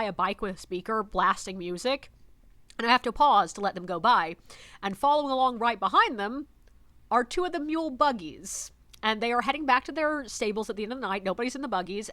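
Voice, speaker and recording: High bright voiced woman telling a tour guide story, swears a lot, super animated. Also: no echo. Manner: animated, exasperated, profanity. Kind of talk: casual storytelling.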